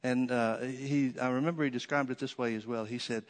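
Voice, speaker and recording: A man's voice: mid-range voice, fairly even intonation, brisk, big-room sound. A man preaching a sermon, telling a story and repeating key phrases for emphasis.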